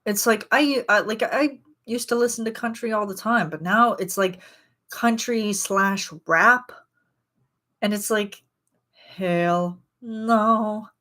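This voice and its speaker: A woman's voice: mid-range voice, a little slow. A woman in her thirties chatting casually with her viewers, rambling and giggling as she tells stories. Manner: rambling, giggly, animated retelling. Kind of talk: casual chat.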